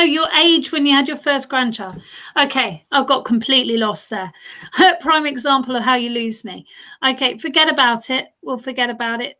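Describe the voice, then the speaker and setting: A woman's voice: high voice, bright, forceful tone. A British woman giving a chatty live-streamed mediumship reading, reading out viewer comments and talking straight to them. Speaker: spiritualist medium.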